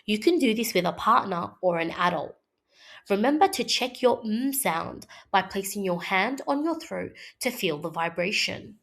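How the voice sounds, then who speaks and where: A woman teaching a scripted phonics lesson for young children, modelling sounds slowly and clearly for them to repeat. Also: medium pitch, expressive, fairly bright tone.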